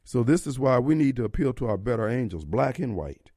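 A man's voice: mid-range voice, very animated, a little fast, mellow, no echo, studio quality. A man hosting a radio talk show, preaching his opinions and firing off rhetorical questions. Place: radio studio. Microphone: studio microphone.

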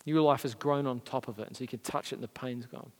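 A man's voice: mid-range voice, fairly even intonation, quick pace, a little mellow. An Australian man preaching a sermon as a pastor, earnest and conversational, with emphatic rises. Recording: long reverb of a large hall.

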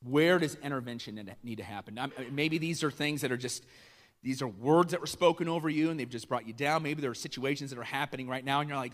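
A middle-aged pastor from Iowa, preaching a conversational sermon, asking the crowd questions and acting out dialogue. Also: male voice, mid-range voice, quick pace. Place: church hall. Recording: long reverb of a large church hall.

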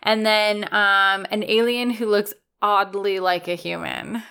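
A woman's voice: mid-range voice, fairly even intonation, measured pace, vocal fry, bright, forceful tone, clear, resonant tone. A woman co-hosting a casual podcast, easygoing, often laughing. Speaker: podcast co-host.

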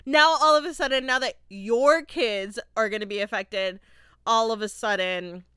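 A young woman from Florida hosting a podcast, casually reviewing a movie with lively laughter and acted-out quotes. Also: fairly high pitch, normal speed, clean tone, no room sound, clean studio sound. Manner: animated, laughing, acts out quotes. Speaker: podcast host.

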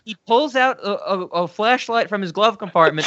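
Bright, laughing male podcast host. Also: high voice, lively intonation, brisk, no echo, lo-fi sound. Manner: laughing, joking, rambling. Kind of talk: casual chat.

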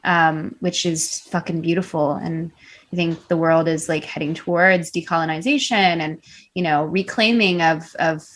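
A woman's voice: low voice, fairly even intonation, moderate pace, a bit bright. A young American woman guest on a podcast, chatting casually, laughing a lot and swearing freely. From United States. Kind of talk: casual interview chat.

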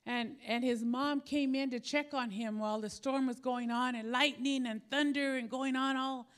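A middle-aged woman, a pastor's wife, preaching a sermon in a warm, conversational storytelling way. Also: high-pitched, fairly even intonation, normal speed.

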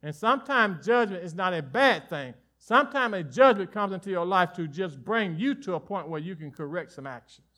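A man preaching a lively sermon in a high, bright voice. He swings between forceful declarations and quiet, folksy asides, joking easily with his congregation. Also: moderate pace. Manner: animated preaching with sudden drops to soft asides. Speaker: pastor.

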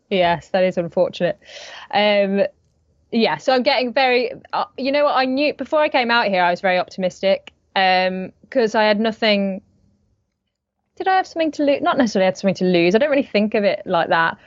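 A woman's voice: mid-range voice, fairly quick, dry recording, dull audio. A British woman, an actress, chatting casually in an interview, laughing often and rambling as she thinks. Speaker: actress, guest.

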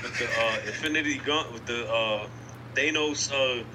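Relaxed guest man, halting speech. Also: mid-range voice. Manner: relaxed, halting, many fillers. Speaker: podcast guest. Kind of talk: casual chat. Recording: clear background noise.

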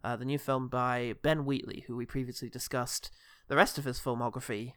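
A man's voice: mid-range voice, steady tone, brisk, fairly bright tone, clear, resonant tone, no room sound, clean studio sound. A man co-hosting a casual film podcast, chatty, laughing often and acting out quoted lines. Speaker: podcast co-host.

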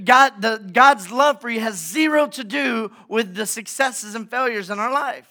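A pastor preaches in an emphatic, conversational way and keeps checking in with his congregation. His voice is high and bright. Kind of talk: sermon.

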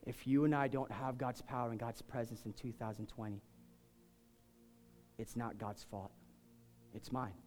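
A man preaching a sermon, swinging from quiet, intimate talk to shouted, fervent peaks. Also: medium pitch, level tone, normal speed, pauses often. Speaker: pastor. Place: church sanctuary. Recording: long hall reverb, faint music.

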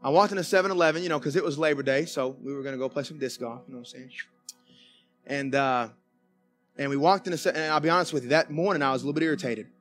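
A male pastor preaching a conversational sermon in a church, folksy and animated, with many restarts. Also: on the high side, quick pace, faint music behind. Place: church sanctuary.

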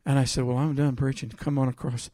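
A man preaching a sermon, reading scripture aloud with loud emphasis and telling a personal story in a quieter voice. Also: medium pitch, flat delivery, fast talker, dry recording, clean studio sound.

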